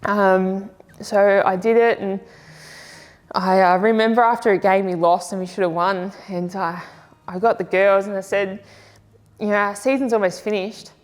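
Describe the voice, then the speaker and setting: An Australian woman recounts her own story in a candid, plain-spoken way that wanders as she goes. Her voice sits at an ordinary pitch for a woman. The recording has a long, ringing reverb from the room. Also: flat delivery, measured pace. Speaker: army veteran and footballer telling her story. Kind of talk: reflective personal testimony.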